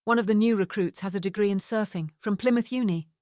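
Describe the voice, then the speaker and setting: A woman's voice: mid-range voice, quick pace, darkish tone, no echo, lightly acted. A fed-up ex-detective man, read by a woman narrating a storybook, blunt and grumbling. The voice sits dry and close to the mic.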